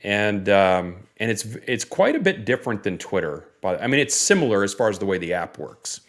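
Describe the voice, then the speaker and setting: A man from Northeast Florida chats his way through a sports podcast in a somewhat low voice. He rambles easily, doubling back on his words and leaning on fillers. His tone stays relaxed and conversational the whole time. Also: fairly quick. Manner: easygoing, rambling with fillers and restarts. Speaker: podcast co-host. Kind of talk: casual sports podcast chat.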